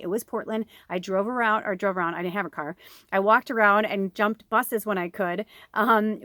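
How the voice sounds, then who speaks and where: A woman's voice: mid-range voice, a bit bright, no echo, clean studio sound. A woman in her forties, a tarot reader from Chicago, rambling emotionally through a personal story with plenty of swearing, recorded inside an RV. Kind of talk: casual storytelling to viewers.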